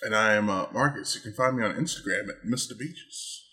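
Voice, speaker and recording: A man's voice: on the low side, brisk, sharp tone, slight background noise. A man co-hosting a podcast in casual chat, giving short reactions and laughing often. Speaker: podcast co-host.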